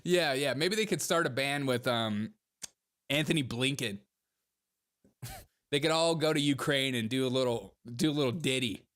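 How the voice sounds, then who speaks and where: A man's voice: mid-range voice, normal speed, pauses often, fairly bright tone. A young man hosting a commentary show, reacting to clips in a mocking way, laughing often and talking to his chat.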